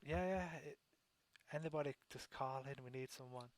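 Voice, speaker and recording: A man's voice: medium pitch, moderate pace, dry recording. A man hosting a casual internet radio chat show, rambling with lots of restarts. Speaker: talk show host.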